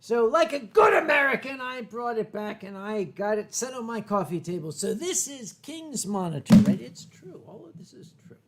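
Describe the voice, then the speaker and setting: A man's voice: sits high, lively intonation, moderate pace, hardly any pauses, very noisy. A middle-aged man hosting a casual drinking chat, rambling and swearing with many fillers and restarts. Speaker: host.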